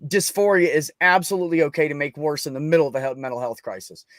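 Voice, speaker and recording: A man hosting a casual livestream chat, telling stories with wry sarcasm and lively, emotional delivery. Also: a little high, fast talker, no room sound, clean studio sound. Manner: wry, sarcastic, animated storytelling. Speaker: streamer host.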